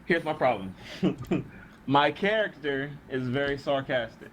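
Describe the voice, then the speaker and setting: A man's voice: medium pitch, animated, unhurried, fairly bright tone. A man playing a tabletop game, talking in a rambling way, swearing and laughing often. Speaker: player. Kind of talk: casual tabletop game chat. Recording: noisy home recording.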